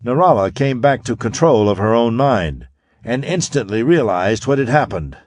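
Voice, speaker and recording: Male audiobook narrator, mid-range, animated inflection, dry booth sound. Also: mid-range voice, moderate pace, no room sound. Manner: steady, dramatic storytelling. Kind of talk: scripted narration.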